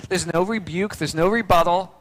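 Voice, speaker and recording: A man preaching a sermon as pastor, swinging from loud cries to hushed near-whispers. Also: sits high, normal speed, rough recording.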